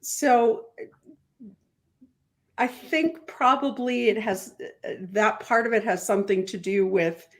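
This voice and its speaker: A woman attorney giving measured legal commentary on a podcast, explaining with analogies and stumbling through restarts. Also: on the high side. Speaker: attorney guest.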